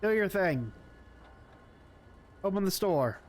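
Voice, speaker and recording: A man's voice: sits high, expressive, slow. A man streaming a game, chatting casually and reacting aloud as he plays. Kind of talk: casual gameplay commentary.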